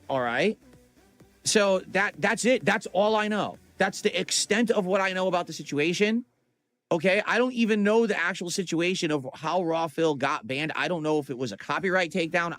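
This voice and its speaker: A man's voice: high voice, a bit bright. A man livestreaming to his chat in a casual, profane and defensive rant.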